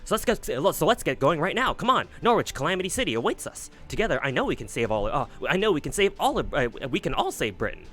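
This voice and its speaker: A man's voice: mid-range voice, sing-song, fast talker, hardly any pauses, fairly bright tone, faint music behind. A man voicing an eager, chipper young woman in a mock Southern accent, often tripping over the lines. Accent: mock American Southern. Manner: chipper, rambling, stumbling over words. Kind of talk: reading game dialogue aloud with voices.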